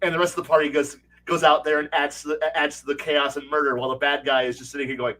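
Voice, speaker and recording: Rambling game master guy, swears a lot, laughs, pretty high voice. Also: fast, few pauses, far from the mic, low-quality recording. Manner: animated, laughing, profane, rambling. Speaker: game master, regular guest. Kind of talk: casual chat, storytelling.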